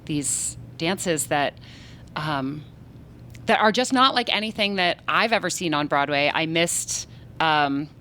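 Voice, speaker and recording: A woman's voice: low-pitched, slow pace, sharp tone, slight background noise, low-quality recording. An American woman hosting an interview, asking questions in an eager, chatty way. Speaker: interview host. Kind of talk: casual interview chat.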